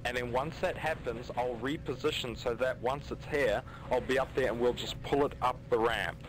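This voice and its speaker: A man's voice: mid-range voice, steady tone, moderate pace, background noise. A man on game voice chat, laying out a plan step by step. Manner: explains plans step by step. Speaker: player. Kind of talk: voice chat during game role-play.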